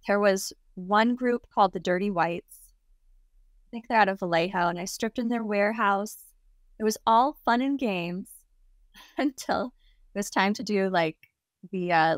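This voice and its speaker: A woman guest telling a story in a casual, lively way. She laughs often and acts out the people she quotes. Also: mid-range voice, no room sound, clean studio sound. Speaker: interview guest.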